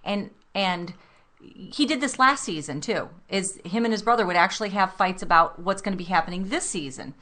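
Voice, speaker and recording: Co-hosting a self-help talk show, a woman speaks in an animated, medium-pitched voice with a sharp tone at normal speed. She's earnest and reflective, addressing listeners directly in a motivational talk-radio style.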